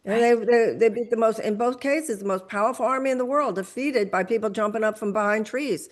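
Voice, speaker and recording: A woman's voice: on the high side, a little fast. An older woman, speaking as a guest and making an impassioned, lecturing political argument. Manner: emphatic, lecturing, builds arguments with examples.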